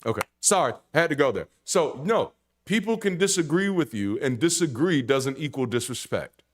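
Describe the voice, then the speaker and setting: A man preaching in a conversational sermon style, blunt and animated, swearing casually and restarting sentences. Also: on the high side, normal speed. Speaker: pastor.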